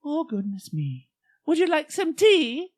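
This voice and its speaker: A man doing a falsetto impression of a prim elderly Scottish nanny woman with a genteel, fluttery manner. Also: huge pitch swings, unhurried, dry recording, heavily acted.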